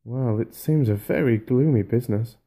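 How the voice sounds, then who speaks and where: A man voicing a small, kindly hobbit who has been hurt and shaken, speaking high and eager. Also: normal speed, dark tone, lightly acted. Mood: dazed.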